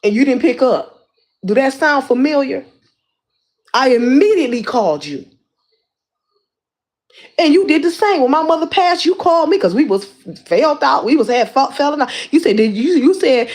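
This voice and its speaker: A woman's voice: sits high, expressive, normal speed, long pauses, darkish tone. A woman hosting a livestream, calling out someone in a heated rant with lots of repeated words and restarts. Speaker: livestream host.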